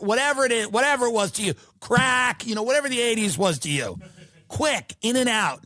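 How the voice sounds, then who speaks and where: A man's voice: very high-pitched, lively intonation, brisk, bright, forceful tone, no echo, clean studio sound. A man hosting a podcast, delivering a mocking comedic rant and swearing freely. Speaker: podcast host.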